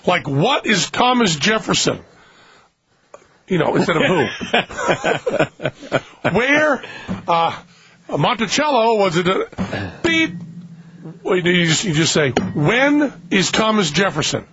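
A man hosting a radio show, rambling in a jokey way and acting out little comic bits in a raspy voice. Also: high-pitched, sing-song, slow pace, long pauses, a crowd in the background. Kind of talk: casual comedic chat. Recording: muffled radio broadcast.

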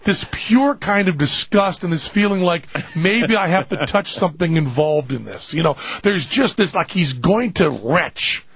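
Man, gravelly and fairly high, animated comic storyteller, self-mocking; dry, dull recording. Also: measured pace, few pauses, dry recording. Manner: animated, laughing, self-mocking, with big pitch jumps. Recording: dull, dry, slightly muffled sound.

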